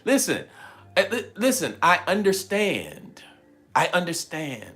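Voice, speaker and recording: His high-pitched voice swoops wildly yet stays unhurried, with a slightly bright tone, as he hosts a spiritual livestream. He's playful with his viewers, laughing a lot and acting out quoted voices.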